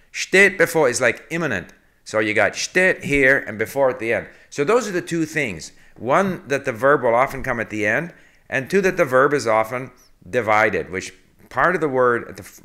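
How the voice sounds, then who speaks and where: Bright-voiced man giving a rambling lesson. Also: on the low side. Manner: rambling and conversational, with frequent fillers and self-corrections; reads foreign passages slowly and translates word by word. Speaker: language learning video host. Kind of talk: casual spoken lesson.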